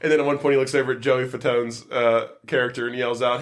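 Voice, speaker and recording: Casting note: male podcast host, mid-pitched, rambling and laugh-prone, casual. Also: level tone, fast talker. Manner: laughs often, rambling storyteller. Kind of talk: casual chat.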